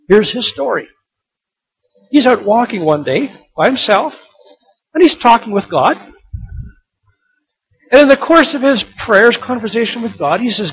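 A man in his sixties preaching with rhetorical questions and emphatic rising peaks. His voice sits high for a man and has a husky edge. The recording is slightly dull and lo-fi. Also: fairly bright tone. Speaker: pastor. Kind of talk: sermon.

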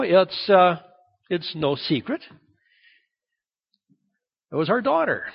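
Animated middle-aged male pastor preaching. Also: a little high, big-room sound. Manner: animated, acts out quoted voices. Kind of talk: sermon. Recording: dull lo-fi sound.

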